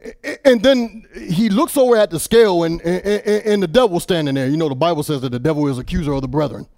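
A male preacher delivering an impassioned sermon, repeating words as he builds, falling to a hush and then rising to shouts. His voice is high for a man and sounds close and dry. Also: fast, creaky, no room sound.

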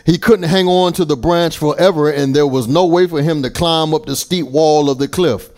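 A man preaching a sermon, deliberate and emphatic, with occasional small stammers and restarts. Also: on the high side, darkish tone.

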